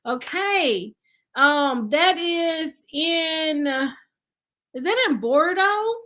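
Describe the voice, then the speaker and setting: A chatty woman hosts a casual live stream and reads viewer comments aloud. Her voice sits high and bright. She talks at an unhurried pace, says "y'all" and laughs easily. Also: lively intonation. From Nashville, Tennessee resident. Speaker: livestream host.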